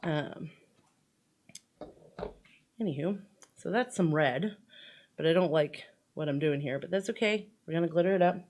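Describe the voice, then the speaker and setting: A woman's voice: low voice, normal speed, long pauses, darkish tone. A woman chatting casually through a makeup tutorial, rambling with lots of fillers and playful asides. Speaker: makeup vlogger.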